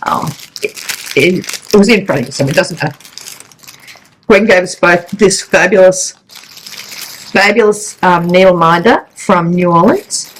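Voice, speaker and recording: A woman's voice: on the low side, measured pace, pauses often, slight background noise, rough recording. A woman hosting a casual stitching vlog, chatty and rambling with restarts. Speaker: flosstube host. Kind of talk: casual chat.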